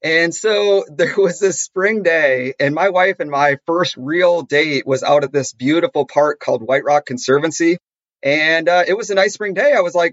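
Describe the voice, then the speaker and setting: A man co-hosting a podcast in casual chat, telling stories with lively acted-out dialogue. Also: a little high, moderate pace, no room sound, highs cut off. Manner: animated storyteller, acts out quoted dialogue. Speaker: podcast co-host.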